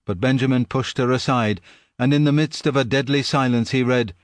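A man reading a story aloud in steady, measured audiobook narration. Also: medium pitch, no room sound. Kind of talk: scripted narration.

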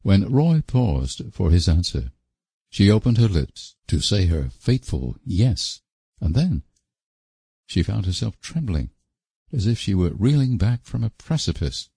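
Deep, husky male audiobook narrator. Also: dry recording. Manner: measured, expressive storytelling. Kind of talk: scripted narration.

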